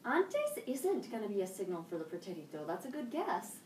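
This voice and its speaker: A woman teaching a high school Spanish class, drilling students with call-and-response prompts in English and Spanish. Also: wildly swooping pitch, a little fast, darkish tone. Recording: echoey classroom from far off, faint noise.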